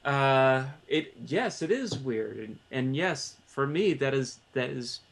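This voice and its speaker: A man's voice: mid-range voice, lively intonation, slow, vocal fry. Man, podcast co-host, casual film chat, laid-back, stammers and restarts phrases.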